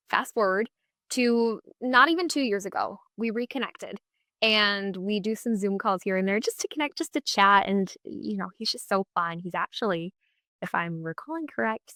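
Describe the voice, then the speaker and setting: A woman's voice: mid-range voice, pushed and bright, dry recording, studio quality. A woman in her twenties hosting a podcast, telling a personal story in a chatty, upbeat way and acting out the dialogue she quotes. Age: 20s. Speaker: podcast host. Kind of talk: casual solo storytelling.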